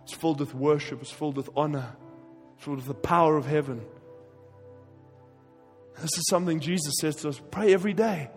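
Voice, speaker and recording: A man preaching a sermon with passion, his voice swinging between forceful emphasis and quiet, hushed stretches. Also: a little high, steady tone, fairly quick, long pauses, in a large hall, soft background music. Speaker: pastor.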